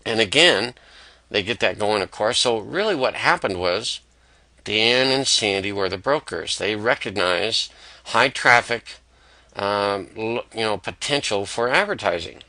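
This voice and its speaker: A man presenting an explainer pitch, telling a conversational story full of fillers. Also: animated, a little slow, pushed and bright, no room sound.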